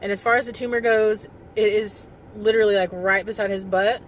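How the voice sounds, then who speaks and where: A woman's voice: mid-range voice, steady tone, brisk, poor audio. Young woman vlogger, casual phone-camera storytelling, loose and rambling, holding back tears, faint noise behind. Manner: rambling, full of fillers, fighting back tears. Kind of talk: casual personal vlog storytelling.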